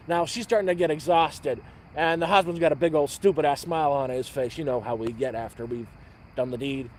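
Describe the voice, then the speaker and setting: A man telling a dirty joke on a livestream at an outdoor campfire, rambling and repeating words, with loud sound effects. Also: fairly high pitch, steady tone, brisk, a little hiss or hum. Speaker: livestream host.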